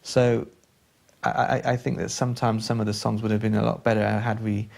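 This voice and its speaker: A man's voice: on the low side, flat delivery, fairly quick, creaky, a little mellow. A man in an interview, telling an anecdote in a hesitant, rambling way with many restarts. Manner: hesitant, full of fillers and restarts, storytelling. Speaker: interviewee, former collaborator.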